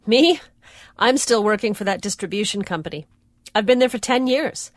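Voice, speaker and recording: A woman's voice: medium pitch, lively intonation, normal speed, no echo, studio quality, close to an everyday voice. A woman reading a friendly, casual dialogue part in a language-lesson recording.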